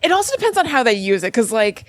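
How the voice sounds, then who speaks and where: A woman's voice: a little high, sing-song, quick pace. A woman co-hosting a podcast in casual chat, rambling a little with many fillers. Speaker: podcast co-host.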